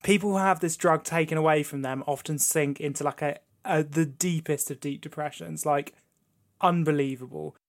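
A man's voice: fairly high pitch, moderate pace. A man co-hosting a podcast in casual chat, telling his pick with crude swearing. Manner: crude, swearing, animated storytelling. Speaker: podcast co-host.

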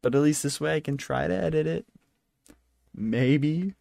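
A man's voice: a little high, unhurried, gravelly, long pauses, darkish tone, dry recording, studio quality. A tired young man hosting a solo podcast, rambling and apologizing, talking into a handheld mic at his desk at home. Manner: rambling, self-deprecating, apologetic. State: tired, yawning. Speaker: podcast host. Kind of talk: solo casual podcast chat. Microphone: handheld microphone.

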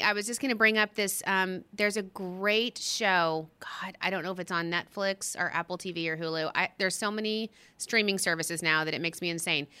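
Brief: middle-aged female talk-show host, crisp tone, eager, rambling chat style. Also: medium pitch, sharp tone. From US West Coast. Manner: chatty, enthusiastic, restarts often. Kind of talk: casual chat.

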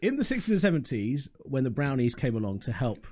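Comedian guest, very animated. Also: male voice, mid-range voice, brisk. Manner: explains with teasing asides, laughs a lot. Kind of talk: casual comedy chat.

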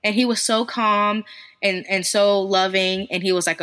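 Candid, bright-voiced woman guest. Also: fairly low pitch, flat delivery, a little fast. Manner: candid, self-deprecating, swears casually. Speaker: business founder, podcast guest. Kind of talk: casual interview storytelling.

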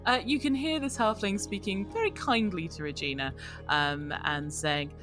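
A woman's voice: mid-range voice, normal speed, over music. A woman narrating a tabletop game as game master, chatty, with many fillers.

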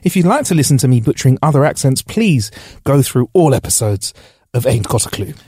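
A man co-hosting a comedy podcast, playful and quick with jokes. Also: mid-range voice, big pitch swings, darkish tone, husky, no room sound, clean studio sound. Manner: playful, jumps into silly voices and jokes. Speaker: podcast co-host. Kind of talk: casual comedic chat.

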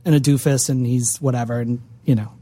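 A man's voice: medium pitch, steady tone, a little fast, dark tone, breathy edge, no echo. A man from Massachusetts talking as a podcast guest, profane, sardonic and rambling. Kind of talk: casual podcast interview.

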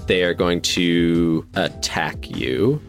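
A man's voice: sits low, slow pace, soft background music. A man narrating a tabletop role-playing game as game master, laughing often between descriptions.

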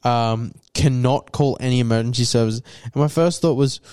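A man's voice: mid-range voice, fairly even intonation, moderate pace, a little mellow, smooth, no room sound, clean studio sound. A young adult man with an Australian accent, co-hosting a casual podcast chat in a laid-back, swearing, filler-heavy way. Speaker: podcast co-host.

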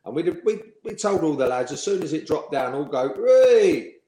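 A man, a former professional footballer, telling lively anecdotes in an interview and laughing along. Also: fairly high pitch, brisk. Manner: chatty storyteller, laughs while telling. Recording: roomy echo.

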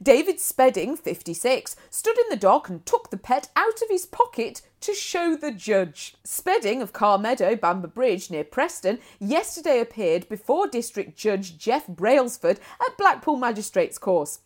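High-voiced woman chatting and joking. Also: sing-song. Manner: laughs often, quick witty reactions. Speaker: podcast co-host. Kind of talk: casual chat.

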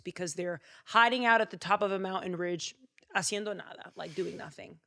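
A woman casually retelling a Bible story, animated and chatty with jokey asides. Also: mid-range voice, normal speed.

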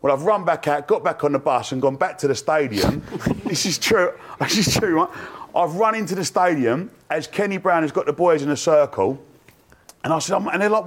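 A man's voice: a little high, animated, a little fast. A man, telling a long anecdote breathlessly and laughing as he goes on a fan panel. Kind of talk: animated storytelling.

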